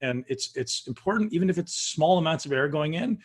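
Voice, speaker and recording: A man guest on a video call, calmly guiding listeners through a breathing practice and addressing them directly. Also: on the high side, brisk. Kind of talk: coaching instruction.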